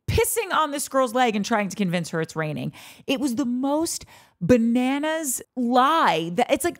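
A woman hosting a podcast, tipsy from beer, giving a casual ranting TV review, animated, sarcastic and profane with big swings in pitch. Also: moderate pace. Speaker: podcast host.

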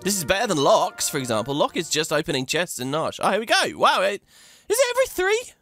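Animated, chatty male game commentator. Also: high-pitched, fast talker, soft background music. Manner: chatty, animated, laughs often, thinks aloud. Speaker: let's play host.

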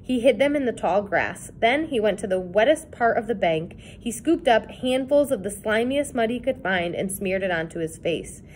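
A woman reading a children's chapter book aloud with expressive, dramatic pacing. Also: medium pitch, normal speed, hardly any pauses, slight background noise. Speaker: reader. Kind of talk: read-aloud storybook narration.

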